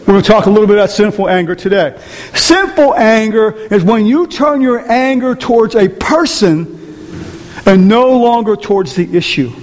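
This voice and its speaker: A man preaching a lively, joking sermon as pastor, firing rhetorical questions at the congregation. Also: sits high. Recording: long reverb of a large hall.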